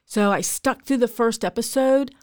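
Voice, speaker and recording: A woman's voice: fairly high pitch, moderate pace, darkish tone, no echo, studio quality. A woman co-hosting a podcast, chatting candidly and easily. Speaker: podcast co-host. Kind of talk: casual chat.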